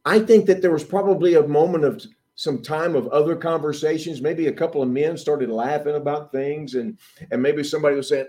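A middle-aged man preaching a sermon, acting out the disciples' voices and swinging between loud emphasis and hushed asides. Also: fairly high pitch, steady tone, a little fast.

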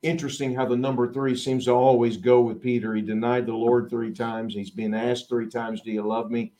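A middle-aged man preaches to his congregation at an ordinary pitch. He tells the story vividly, acting out each character. His voice often jumps from loud emphasis to near-hushed asides. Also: level tone, moderate pace. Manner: acts out the disciples' voices, swings between loud and hushed. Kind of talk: sermon.

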